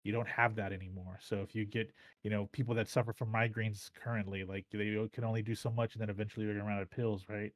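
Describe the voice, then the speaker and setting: A man's voice: fairly low pitch, little pitch movement, quick pace, few pauses. A man hosts a casual podcast, talking through his thoughts in long rambling runs. He restarts sentences often and swears freely. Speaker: podcast host.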